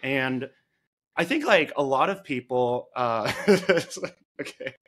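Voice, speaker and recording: A young man hosting a casual podcast chat, relaxed, with many fillers and laughs between thoughts. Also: medium pitch, unhurried. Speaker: podcast host.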